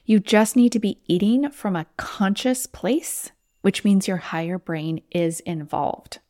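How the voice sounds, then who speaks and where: She's a woman at mid pitch, hosting a solo coaching podcast in a chatty, encouraging way. The sound is close and dry, with no room around it. Now and then she slips into little acted inner voices. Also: unhurried, warm tone, dry recording. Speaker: podcast host, weight loss coach.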